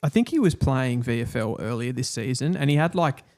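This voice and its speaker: A man's voice: medium pitch, animated, fairly quick. A man co-hosting a live football chat, laid-back and chatty. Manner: laid-back, chatty, drops to quiet asides. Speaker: co-host of a football watchalong show.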